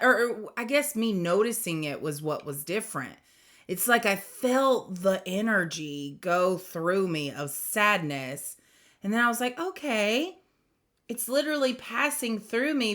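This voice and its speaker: Woman tarot reader, casual spiritual chat, drawn-out pace, meandering and laughing. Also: medium pitch, a bit bright. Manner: rambling, chatty, laughs often.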